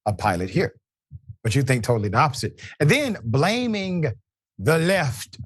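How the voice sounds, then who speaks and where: A man's voice: medium pitch, no room sound, clean studio sound. A man hosting a live show, reading viewer comments and giving pointed, conversational commentary. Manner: pointed, conversational, addresses people directly.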